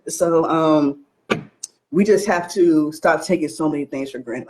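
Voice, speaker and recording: A woman's voice: low voice, measured pace, a little mellow, slight background noise. A woman talking in a bold, slangy, emphatic way in a casual spiritual chat.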